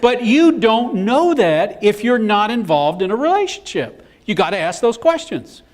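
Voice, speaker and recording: Animated man telling business stories. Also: sits high, normal speed. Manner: animated storyteller acting out quotes. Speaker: business speaker. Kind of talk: live seminar presentation.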